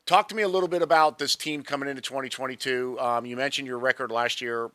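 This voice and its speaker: A male sports interviewer with a bright, ringing voice, recorded close and dry. He keeps things light, joking with his guests and firing off quick follow-up questions. His pitch sits in an ordinary middle range. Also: fairly even intonation, no echo. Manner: chatty and joking, lots of quick follow-ups. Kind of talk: casual interview at a media day event.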